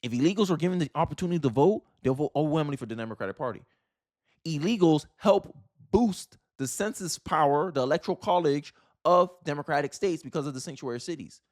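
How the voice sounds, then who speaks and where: A man's voice: a little high, lively intonation, fast. A man from Florida hosting a political commentary video, ranting heatedly and emphatically in casual slang.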